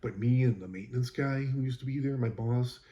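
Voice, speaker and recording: A man's voice: mid-range voice, a little fast, highs cut off. A man who works as a school custodian, casually telling an exasperated, rambling story about a coworker, with lots of fillers.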